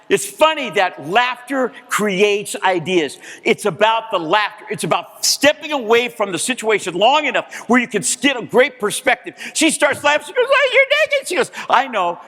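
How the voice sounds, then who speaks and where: A male keynote speaker in a large hall, with a fairly high voice that swoops widely as he acts out dialogue. He runs a motivational story and bursts into shouts now and then. Long reverb from the venue trails every line. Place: large hall, live audience.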